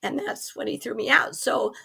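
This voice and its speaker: A middle-aged woman appears as an interview guest, relating a personal story in an earnest, animated way. Her voice, hoarse from her pneumonia recovery, sits a little high, and she speaks at normal speed.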